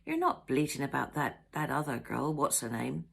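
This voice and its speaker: A woman's voice: extremely low pitch, wildly swooping pitch, normal speed, gravelly, a bit bright, breathy edge, voice pushed down, exaggerated voice. A woman voicing a domineering middle-aged fisherman father who talks in a blustering, scornful way, in a storybook reading. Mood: cajoling.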